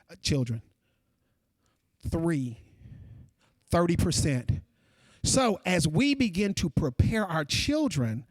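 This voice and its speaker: A slightly high male voice gives a conference keynote in a lively manner, talking straight to the audience and calling them "folks," with no room sound.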